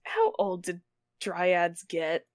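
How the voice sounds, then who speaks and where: A woman playing a tabletop game, casual and halting as she describes her character's actions. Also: lowish voice, huge pitch swings, no echo, studio quality. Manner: hesitant, halting. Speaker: player.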